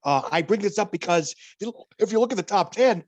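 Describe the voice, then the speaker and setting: A man's voice: high-pitched, lively intonation, quick pace. Wry, digressive man reading box office numbers. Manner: wry, digressive, lists figures with dry jokes. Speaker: podcast co-host, box office analyst. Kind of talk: casual podcast chat.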